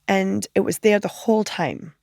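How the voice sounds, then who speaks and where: A woman comedian telling animated anecdotes in a podcast interview, acting out other people's lines and laughing often. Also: medium pitch, normal speed, gravelly, no echo, studio quality. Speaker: comedian guest.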